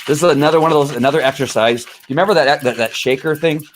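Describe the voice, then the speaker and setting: A man's voice: a little high, racing, slight background noise. A man chatting casually on a live stream, rambling through a product review with restarts and chuckles.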